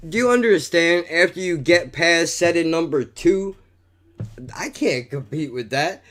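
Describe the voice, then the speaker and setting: Dude on his podcast ranting, says bro a lot, kinda high voice, cusses nonstop. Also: expressive, unhurried, fairly bright tone. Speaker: podcast host. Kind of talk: casual storytelling monologue.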